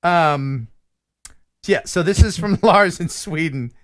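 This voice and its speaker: A man's voice: fairly high pitch, slow, a bit bright. A man hosting a live stream in a casual, jokey way, reading viewer mail aloud and laughing at himself. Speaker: host.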